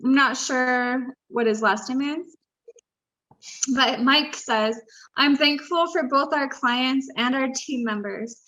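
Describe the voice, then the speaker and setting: A woman co-hosting a casual chat, reading tributes aloud, emotional and quick to laugh. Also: high-pitched, bright, forceful tone. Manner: emotional, gushing, laughs easily. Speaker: co-host. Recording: dull lo-fi sound.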